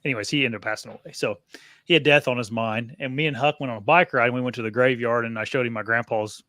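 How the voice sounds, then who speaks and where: This is a man in his thirties chatting on a faith podcast. His voice sits in a middle pitch and is recorded close and dry. He talks in an earnest, heartfelt way. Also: steady tone, fast talker, sharp tone, dry recording. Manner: earnest, emotional storytelling. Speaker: podcast co-host. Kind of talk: casual faith podcast chat.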